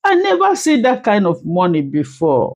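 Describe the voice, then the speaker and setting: A woman's voice: medium pitch, wildly swooping pitch, moderate pace. Woman playing a sobbing housemaid. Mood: tearful confessing. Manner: pleading, breaking into cries. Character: frightened young housemaid, sobbing and pleading.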